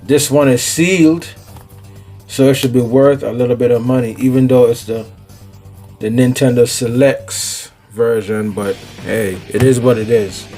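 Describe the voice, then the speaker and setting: A man's voice: medium pitch, steady tone, measured pace, dark tone, soft background music. A man with a Jamaican accent, chatting casually as host of his own gaming vlog in a laid-back, slangy way. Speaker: gaming YouTuber.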